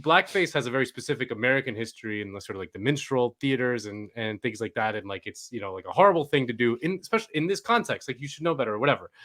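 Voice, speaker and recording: Male podcast co-host from Spain, mid-pitched, rambling and chatty. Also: animated, very fast, few pauses, pushed and bright. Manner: rambling and conversational, many fillers and asides. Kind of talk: casual political chat.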